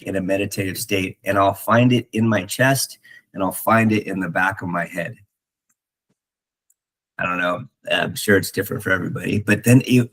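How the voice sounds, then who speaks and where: Gravelly, husky man in reflective talk. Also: on the low side, rough recording. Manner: halting, many restarts and fillers, earnest. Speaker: podcast host.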